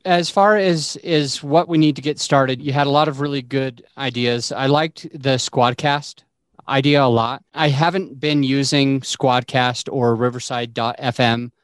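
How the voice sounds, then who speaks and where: A man's voice: medium pitch, fairly even intonation, unhurried, smooth, no echo. A man hosting a podcast over a remote call, chatting casually and laughing often as he explains recording gear. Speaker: podcast host. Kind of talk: casual chat.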